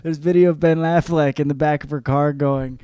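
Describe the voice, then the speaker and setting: Young male podcast host, comedic rant, crude and rambling, fairly high voice, very clear and dry. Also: steady tone, brisk, mellow, no room sound. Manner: profane, rambling, jumps into mocking voices.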